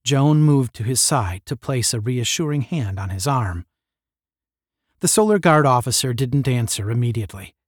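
A man's voice: medium pitch, dry recording. Man reading a story aloud, dry close sound. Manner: measured, storytelling. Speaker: narrator. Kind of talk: audiobook narration.

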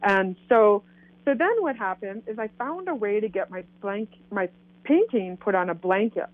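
Canadian woman, lively storyteller voicing quoted lines, heard through a thin, phone-like line. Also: mid-range voice, moderate pace, no room sound. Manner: animated, acts out quoted dialogue. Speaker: guest telling her story. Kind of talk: casual storytelling. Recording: tinny phone line, dry.

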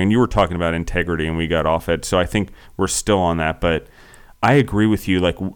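A man co-hosting a podcast, talking emphatically and loudly close to the mic. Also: sits low, smooth. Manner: emphatic, worked up, loud into the mic. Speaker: podcast co-host. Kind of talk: casual podcast chat.

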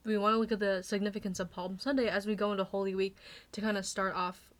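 A young woman co-hosting a faith podcast with her mother, upbeat and speaking in quick, excited bursts. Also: mid-range voice. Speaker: podcast co-host, daughter.

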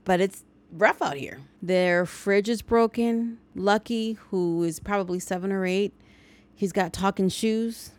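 A woman podcast host walks through a film plot in a relaxed, chatty way, stopping often to add her own opinions and asides. Her voice sits at an everyday middle pitch. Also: a little slow. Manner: chatty, editorializing. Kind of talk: casual movie recap.

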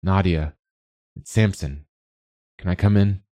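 A man voicing a steady, patient carpenter who speaks calmly and earnestly. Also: sits low, a little slow, dry recording, voice pushed up.

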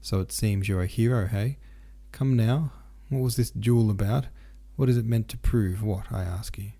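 Casting: man doing a sharp-tongued, scornful noblewoman, low gravelly tone, storybook. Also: normal speed. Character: haughty scornful noblewoman, contemptuous wife.

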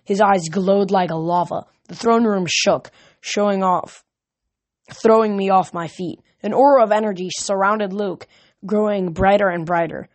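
A woman's voice: medium pitch, measured pace. A woman reading a novel aloud earnestly, now and then stumbling and correcting a word. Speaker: reader.

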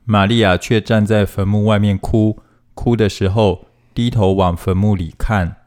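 Guy reading scripture, steady and even, kinda low voice. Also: normal speed. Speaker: scripture reader. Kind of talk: formal Bible reading.

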